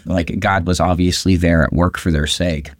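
Low-voiced pastor talking scripture. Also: male voice, normal speed, dry recording, studio quality. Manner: animated, acts out quotes with lifted voice. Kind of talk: conversational Bible discussion.

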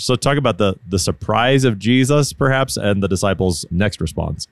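Man, low voice, casual Bible talk, halting and thoughtful, dry recording. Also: animated, creaky, no room sound. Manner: thoughtful, hesitant, with many restarts and light laughs. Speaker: co-host of a Bible discussion. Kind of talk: casual scripture discussion.

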